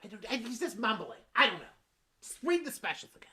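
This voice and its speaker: A woman improvising a fussy, demanding woman on a Valentine's date, stammering and bossy, bursting into shouts. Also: a little high, sing-song, fast talker. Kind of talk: improvised comedy scene.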